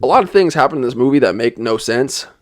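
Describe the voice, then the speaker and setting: A man's voice: medium pitch, lively intonation, fast, background noise. Sarcastic young man reviewing a movie. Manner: sarcastic, rambling, with fillers. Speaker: film reviewer. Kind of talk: comedic movie review commentary. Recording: dry voice-over.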